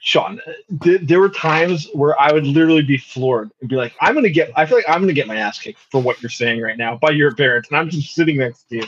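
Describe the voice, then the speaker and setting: A man's voice: a little high, expressive, fast, a bit bright, lo-fi sound, a little hiss or hum. A young man co-hosting a podcast, telling stories casually, swearing and laughing. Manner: laid-back storyteller, swears, laughs. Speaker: podcast co-host. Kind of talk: casual chat.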